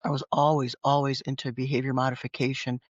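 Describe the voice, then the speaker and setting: An author and ex-teacher, interviewed as a guest, tells lively stories and often mimics what others said in them. She talks fast in a rumbling low voice. The recording is lo-fi with no echo.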